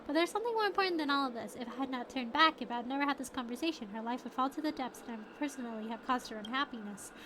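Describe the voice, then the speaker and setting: A woman voicing a remorseful young man who has come back as a spirit, reading his lines softly and earnestly in a formal manner. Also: sits high, expressive, racing, few pauses, noisy background. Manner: soft, earnest, formal, read aloud from the screen. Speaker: streamer reading game dialogue.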